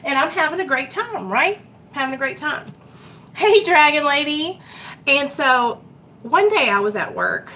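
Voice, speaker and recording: A woman talks straight to her viewers in a recovery vlog, animated and earnest. Her voice is bright and a little high. A faint hiss of room noise sits under it. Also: unhurried. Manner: earnest and animated, addressing viewers directly as "you guys". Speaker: recovery vlogger. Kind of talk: casual livestream-style talk to viewers.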